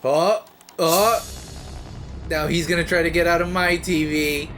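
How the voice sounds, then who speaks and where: A man's voice: fairly high pitch, fairly even intonation, a little slow, pauses often, fairly bright tone, faint music behind. A man hosting a movie reaction, rambling and joking as he talks back to the screen. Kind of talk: casual reaction commentary.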